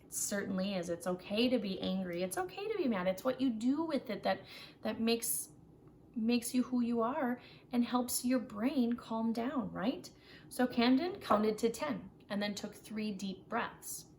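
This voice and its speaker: A woman teaching a children's social skills group online, talking in a gentle, encouraging way and often checking in with "right?". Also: fairly high pitch, lively intonation, a little slow, a little hiss or hum. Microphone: home computer mic for a virtual class.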